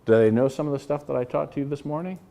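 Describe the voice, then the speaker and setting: A man's voice: fairly high pitch, rapid-fire, vocal fry, mellow. Blunt folksy man presenting. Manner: folksy, blunt storytelling with quoted dialogue; rhetorical questions to the crowd. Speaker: company CEO giving a presentation. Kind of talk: live business presentation to an audience.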